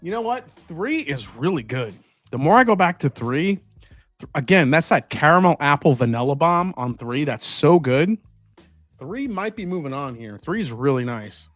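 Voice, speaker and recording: A man's voice: fairly high pitch, sing-song, moderate pace, fairly bright tone, dry recording, soft background music. A man hosting a live stream, chatting casually and rambling while tasting and answering viewer comments. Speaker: host.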